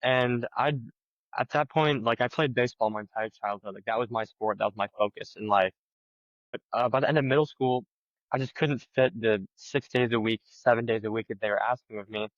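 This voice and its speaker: A teenage boy from Minnesota answering interview questions in a relaxed way, with lots of fillers like "like" and "um". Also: mid-range voice, a little fast, no room sound, highs cut off. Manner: relaxed, filler-heavy, says "like" a lot. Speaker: guest.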